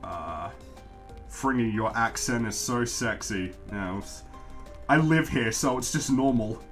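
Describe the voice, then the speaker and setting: A man's voice: mid-range voice, animated, unhurried, fairly bright tone. An Australian man with an ordinary mid-range voice talks loosely through a drawing stream and answers chat as questions come in. He drifts off topic, makes fun of himself and laughs often. Faint music plays in the background. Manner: rambling and self-deprecating, laughs often. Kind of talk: casual livestream chat.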